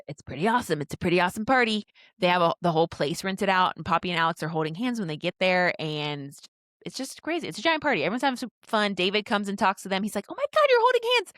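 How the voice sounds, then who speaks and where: A woman with a fairly low voice recaps a romance novel in a casual, giggly way, acting out lines of dialogue as she goes. Her voice is recorded close and dry, with no room sound around it. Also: dry recording. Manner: giggly, animated retelling with quoted dialogue. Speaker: book podcast co-host.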